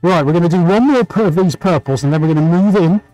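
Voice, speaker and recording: A man's voice: sits high, quick pace, dark tone, no room sound, soft background music, rough recording. Chatty man hosting a painting stream. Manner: chatty, greets viewers, laughs often. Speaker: livestream painting host. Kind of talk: live-streamed painting chat.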